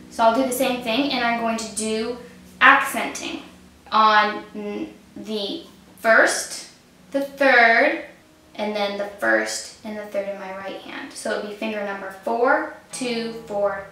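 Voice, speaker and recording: A woman harp teacher explaining arpeggio practice step by step in a calm voice while she plays. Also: a little high, takes it slowly, distant mic, slight background noise. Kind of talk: instrumental lesson demonstration. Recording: roomy echo, voice from off mic, harp playing.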